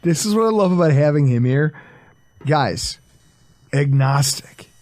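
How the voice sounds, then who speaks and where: A male podcast co-host from the Buffalo area rambles through casual chat. His pitch sits fairly high and swings widely as he riffs, and he swears freely while he philosophizes. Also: expressive, unhurried, darkish tone. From Buffalo area, New York.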